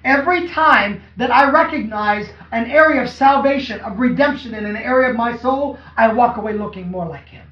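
A man's voice: very high-pitched, brisk, few pauses. A man preaching a sermon to a congregation, often asking them questions that draw replies. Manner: call-and-response, asks the congregation questions. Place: church hall. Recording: echoey, dull, from far off.

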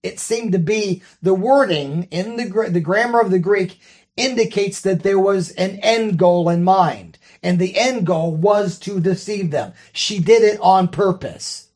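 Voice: mid-range voice, unhurried, a little mellow. A Bible study teacher reading scripture and carefully walking through its grammar, often checking in with the listeners. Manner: careful, explains grammar step by step.

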